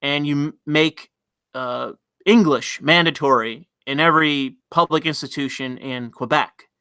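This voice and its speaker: A man hosting a casual livestream, reading the chat aloud and answering in a blunt, offhand way. His voice is bright and smooth, a little higher than most men's. The recording is close and dry, with no room sound. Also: a little slow, dry recording. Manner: blunt, reads chat messages aloud, frequent fillers and restarts.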